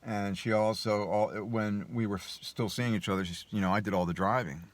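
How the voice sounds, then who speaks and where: Low-voiced man rambling through a story. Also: fairly even intonation, a little fast, no room sound. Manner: rambling, hesitant with many restarts and self-deprecating laughs. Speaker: vlogger. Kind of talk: casual personal storytelling monologue.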